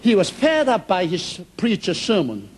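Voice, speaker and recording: A man's voice: high-pitched, huge pitch swings, normal speed, a little hiss or hum, poor audio. A man preaching a sermon, telling stories emphatically in simple, non-native English phrasing. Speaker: pastor.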